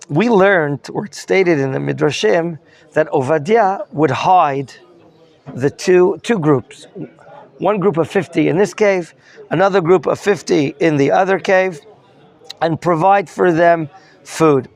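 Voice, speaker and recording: A man's voice: on the high side, slow, gravelly, a little mellow. A man teaching a Torah lesson as a rabbi, questioning his students and mixing in Hebrew terms. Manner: questions the students and prompts answers.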